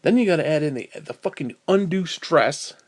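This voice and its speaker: A man in pain ranting angrily and profanely to camera, swinging between loud outbursts and low mutters. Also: animated, normal speed. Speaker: vlogger.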